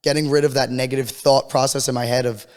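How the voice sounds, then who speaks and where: A laid-back man co-hosting a podcast, talking quickly in a middle-pitched voice. He swears freely and repeats words for emphasis, and his voice rings with a long reverb. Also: little pitch movement. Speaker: podcast co-host. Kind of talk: casual podcast chat.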